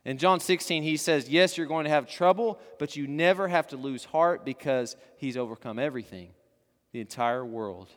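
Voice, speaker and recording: High-voiced preacher in a reverberant hall. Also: male voice, smooth. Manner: rising to fervent emphasis, then dropping to soft hushed endings. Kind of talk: sermon.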